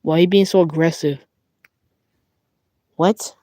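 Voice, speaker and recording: Voicing two plush toys in a playful skit at home, a young woman with a British accent quarrels with herself, stumbling, restarting and rambling. She has a mid-range voice, speaks a little slowly with long pauses, and there is background noise.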